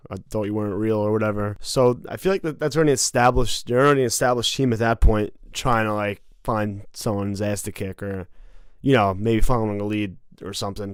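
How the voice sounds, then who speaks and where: A man's voice: on the low side, clean tone, dry recording. A young man co-hosting a casual podcast, rambling and laughing a lot. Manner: rambling, laughs often, lots of fillers. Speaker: podcast co-host. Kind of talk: casual movie trailer chat.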